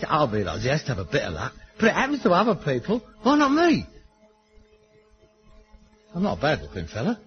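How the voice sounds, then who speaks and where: A pompous would-be actor. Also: male voice, a little high, wildly swooping pitch, brisk, long pauses, highs cut off, faint music behind. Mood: dreamy boastful. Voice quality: boastful, indignant. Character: aspiring working-class male would-be actor, pompous and touchy. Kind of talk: sitcom acting.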